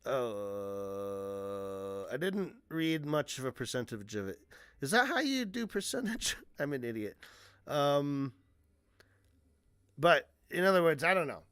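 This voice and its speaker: A man's voice: mid-range voice, big pitch swings, slow, a bit bright, clear, resonant tone, dry recording, studio quality. A man giving casual reaction commentary as a streamer, rambling, cutting himself off mid-sentence and swearing freely.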